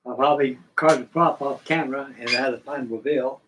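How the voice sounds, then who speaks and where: A man's voice: mid-range voice, fairly even intonation, fairly quick, recorded from a distance, background noise. A middle-aged man hosting a live stream, chatting casually and folksily while he builds models, with rambling talk and casual swearing.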